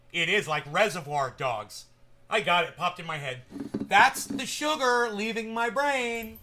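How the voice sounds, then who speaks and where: Rambling, foul-mouthed man, bright voice. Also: sits high, unhurried. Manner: rambling, swearing, loud bursts then mumbling. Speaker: cannabis vlogger. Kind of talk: casual stoned chat to viewers.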